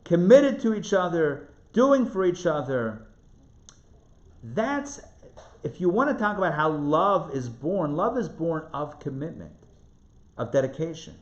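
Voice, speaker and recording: Animated man lecturing in a roomy hall. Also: on the high side, unhurried. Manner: animated, rhetorical questions, repeats phrases for emphasis. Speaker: rabbi teaching a class. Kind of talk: live lecture on Jewish spiritual text. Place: lecture room in front of a live audience. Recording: roomy, somewhat dull live recording.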